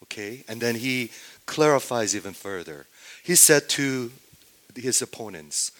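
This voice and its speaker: A man preaching a sermon, often asking his congregation questions and swinging between loud declarations and near-hushed asides. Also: medium pitch, lively intonation, a little slow. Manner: asks the congregation rhetorical questions. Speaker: pastor.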